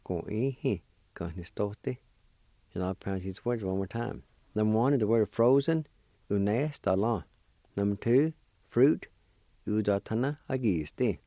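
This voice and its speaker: A man teaching a language lesson, spelling and pronouncing words slowly and patiently, letter by letter. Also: fairly low pitch, mellow, dry recording. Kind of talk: slow spelling and pronunciation lesson.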